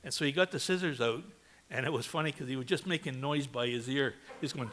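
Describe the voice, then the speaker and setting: Bright-voiced man telling a eulogy story. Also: a little high, fast talker, a little hiss or hum. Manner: chatty anecdotes, laughing along. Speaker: eulogist, brother of the deceased.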